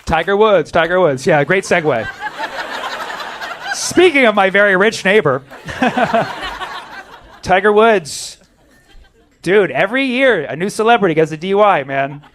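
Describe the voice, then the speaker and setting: A man's voice: sits high, sing-song, measured pace, long pauses, a bit bright, some chatter behind, slight background noise. A man doing a stand-up set, riffing with lots of swearing and acting out other people's voices. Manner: profane, riffing, acts out voices. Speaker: stand-up comedian.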